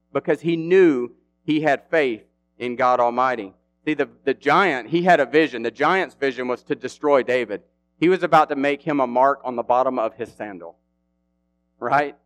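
Slangy, conversational male preacher. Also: a little high. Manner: animated, slangy and conversational, with frequent fillers. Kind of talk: casual sermon.

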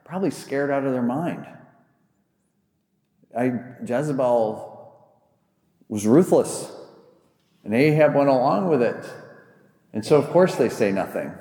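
Pastor guy preaching, chatty and joking, warm low-key tone, big echoey church. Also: expressive, a little slow, pauses often. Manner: conversational, humorous retelling of a Bible story. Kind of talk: sermon. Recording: echoey hall with long reverb.

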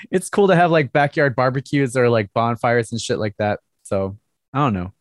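A man's voice: medium pitch, moderate pace, dry recording, studio quality. A man co-hosting a casual chat over a video call, speaking hesitantly with frequent restarts and little laughs. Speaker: podcast co-host.

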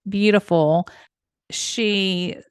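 A woman's voice: medium pitch, steady tone, extremely slow, clean tone, no echo. Woman, podcast host, effusive, emotional, dry close mic. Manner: effusive and emotional, with small laughs. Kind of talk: solo podcast monologue.

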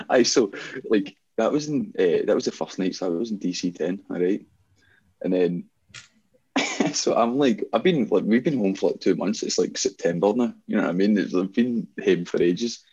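A young man tells rambling stories in relaxed chat, packed with "like" and quick laughs. His voice sits low and husky, and the recording sounds dull and lo-fi. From Scotland. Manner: rambling storyteller, laughs often, many fillers. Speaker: guest DJ. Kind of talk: casual chat.

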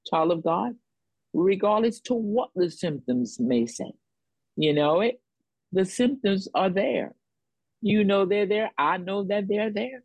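A woman preaching in a call-and-response rhythm, leaning on repeated phrases to drive each point home. Her voice is breathy and soft-edged. The sound is dry and close, with no room around it. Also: lowish voice, animated, slow, no room sound, low-quality recording. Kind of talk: sermon.

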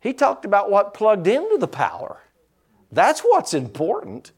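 A middle-aged man preaching a sermon. His voice sits a little high and moves a lot in pitch. He mixes lively preaching with teasing asides. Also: a little slow, slightly rough. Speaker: pastor.

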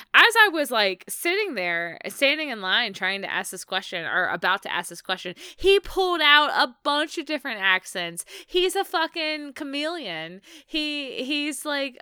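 Slow-talking bright woman. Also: medium pitch, clear, resonant tone, no room sound, studio quality. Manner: chatty, laughs often, many restarts. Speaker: podcast co-host. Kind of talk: casual chat.

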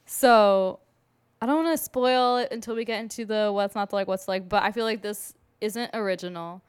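Podcast lady chatting, blunt, swears a lot, says like constantly, smooth clean voice. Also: mid-range voice, fairly quick. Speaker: podcast co-host. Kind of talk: casual chat.

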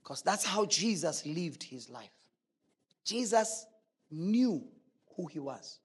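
High-pitched husky guy preaching a sermon, lots of rhetorical questions. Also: sing-song, slow.

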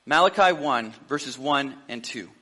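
Bright-voiced male pastor preaching in a reverberant hall. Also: mid-range voice, unhurried. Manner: lively, joking asides, acts out dialogue. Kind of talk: sermon. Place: church sanctuary.

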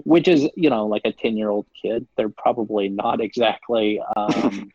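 An excitable man rambles through a podcast chat in a husky voice. The sound is dry and a bit dull, as if through a modest mic. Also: lowish voice, moderate pace, no echo. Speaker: podcast co-host. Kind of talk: casual chat.

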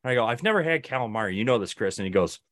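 A man's voice: medium pitch, animated, racing, a bit bright, no echo, studio quality. A young man co-hosting a podcast in casual chat, telling rambling stories and acting out his friends' lines. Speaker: podcast co-host.

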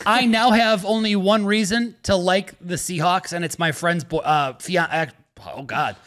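A man's voice: high-pitched, normal speed. A man co-hosting a sports podcast, chatting casually and animatedly about football. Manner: animated, acts out quotes in a raised voice.

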